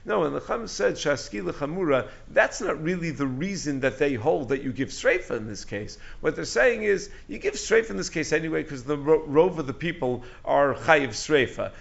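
A man's voice: a little high, lively intonation, normal speed, creaky, hardly any pauses. A man giving a Talmud lesson, explaining animatedly in English full of Aramaic and Hebrew terms. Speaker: Talmud teacher giving a daily class. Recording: dull lo-fi recording.

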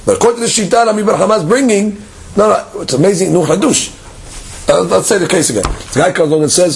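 A man teaching a Talmud class, moving between quick Hebrew text reading and explanation while acting out the claims in a case. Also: high voice, gravelly, breathy edge. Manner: lively, leaps between English and Hebrew text reading, acts out case dialogues.

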